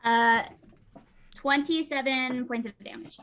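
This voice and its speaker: A woman's voice: high voice, fairly even intonation, slow, muffled recording, a crowd in the background. A woman playing a character in a tabletop game, reading out spell rules in casual talk. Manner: reads spell rules aloud. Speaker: player.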